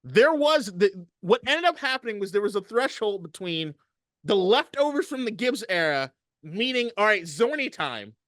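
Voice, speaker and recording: A man co-hosting a casual sports podcast, telling stories in a profane, animated way. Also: high-pitched, moderate pace, no room sound, clean studio sound. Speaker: podcast co-host.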